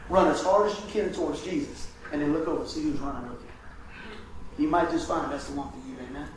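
A man preaching a sermon as pastor, telling a hospital story in an animated way and acting out the voices. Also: a little high, a little fast, a little hiss or hum. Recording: echoey room from a distance.

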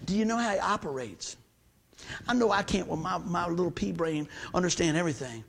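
A man's voice: high voice, animated, brisk, gravelly, a bit bright, slight background noise. A man preaching a sermon in a folksy, emphatic way, repeating words for stress.

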